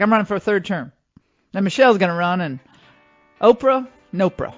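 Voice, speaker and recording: A woman hosting a radio talk show, bantering in a chatty, animated way and jumping between asides. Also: medium pitch, a little fast, long pauses, soft background music. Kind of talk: casual on-air banter. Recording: slightly muffled radio audio.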